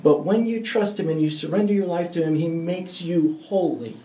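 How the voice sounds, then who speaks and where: Male pastor preaching, emphatic, slightly high gravelly voice; distant mic in a roomy church. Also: normal speed. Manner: earnest, emphatic, swings between soft and loud. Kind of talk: sermon with closing prayer.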